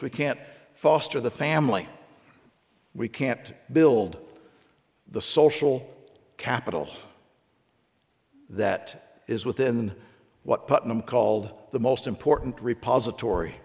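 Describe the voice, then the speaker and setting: A man's voice: mid-range voice, takes it slowly, vocal fry, long pauses, a little mellow, big-room sound. A middle-aged man preaching a sermon as a pastor, asking his congregation one rhetorical question after another.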